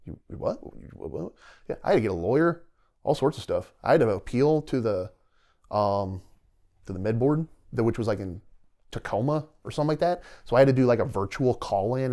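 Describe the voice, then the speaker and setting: A middle-aged man, a retired soldier, telling his story as a podcast guest in a casual, animated way, acting out what others said and laughing often. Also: medium pitch. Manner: animated storyteller who acts out quoted dialogue and laughs often.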